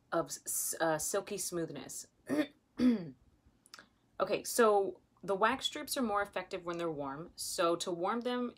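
A woman's voice: lowish voice, a bit bright. A woman vlogging at home, nervously exclaiming and giggling as she reads product instructions aloud. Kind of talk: casual vlog, reading product instructions aloud.

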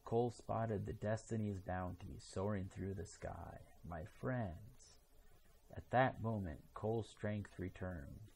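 A man reading a children's storybook aloud in a slow, even way. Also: on the low side, creaky, slight background noise. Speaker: storybook reader.

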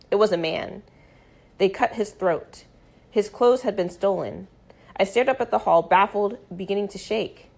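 A woman reading a first-person literary novel aloud, with sudden loud and hushed outbursts. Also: mid-range voice, gravelly. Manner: dramatic reading with shouted and whispered outbursts. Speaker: audiobook reader.

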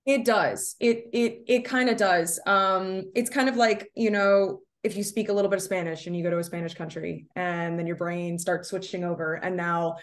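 A woman's voice: fairly low pitch, steady tone, normal speed, few pauses. A young woman from the United States, an actress chatting casually as an interview guest, with lots of fillers. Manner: chatty, many fillers, laughs often.

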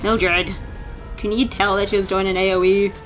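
A woman hosting a let's play, excitable and swearing, often laughing as she plays. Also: mid-range voice, normal speed, soft background music. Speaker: gaming let's-play host. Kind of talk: casual game commentary.

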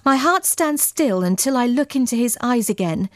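A woman's voice: a little high, expressive, normal speed, no echo, clean studio sound, pitched above the performer's own voice, natural voice. A woman narrator voicing a young noblewoman in an old tale, urgent and pleading in archaic speech.

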